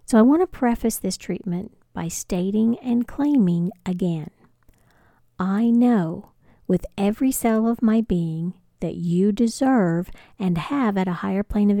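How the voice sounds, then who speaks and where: A woman spiritual teacher leading a guided prosperity affirmation, speaking softly and often slipping into a breathy whisper. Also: medium pitch, no echo, clean studio sound. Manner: slow, soft, often breathy whispered delivery.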